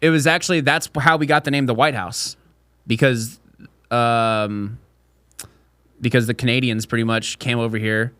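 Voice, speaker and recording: A man's voice: mid-range voice, steady tone, normal speed, pauses often, pushed and bright, clear, resonant tone, no echo, clean studio sound. A young man hosting a casual podcast, telling crude, rowdy stories and mimicking voices. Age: young adult. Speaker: podcast host.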